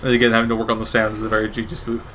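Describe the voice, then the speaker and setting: A man's voice: lowish voice, monotone, rapid-fire, noisy background. A man giving casual, rambling gameplay commentary with wry asides and frequent self-corrections. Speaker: gaming commentator.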